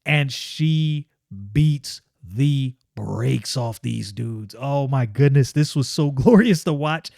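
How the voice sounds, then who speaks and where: A man's voice: mid-range voice, lively intonation, slow pace, gravelly, hardly any pauses, darkish tone, no echo, studio quality. A man reviewing a comic book in casual, enthusiastic commentary, often repeating phrases for emphasis.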